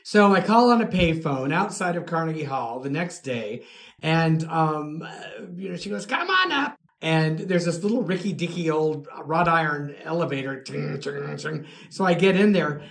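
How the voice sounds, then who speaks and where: A man telling a podcast anecdote in an excitable, gushing way, with many fillers. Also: on the high side, moderate pace. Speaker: storyteller guest.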